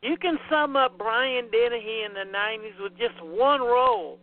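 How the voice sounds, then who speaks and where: A man with a high voice talks bluntly over a tinny, phone-like line with a faint hum behind it. He states strong opinions directly. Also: normal speed. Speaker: podcast co-host. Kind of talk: casual chat.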